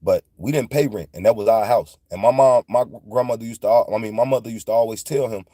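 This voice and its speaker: A man's voice: on the low side, quick pace, mellow, dry recording, clean studio sound. A man, telling a loose, profane story in a casual monologue and retelling dialogue in quotes. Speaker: podcast host.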